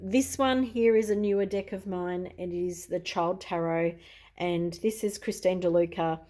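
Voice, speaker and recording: A woman's voice: fairly low pitch, steady tone, measured pace, dark tone. A middle-aged Australian woman, a tarot reader, chatting easily in a show-and-tell video, often adding "you know" and "I suppose.".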